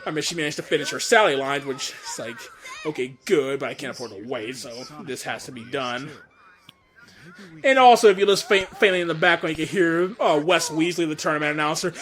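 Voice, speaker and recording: A man's voice: on the high side, a bit bright. A man giving a casual, rambling audio commentary on his comic dub, often correcting himself mid-sentence.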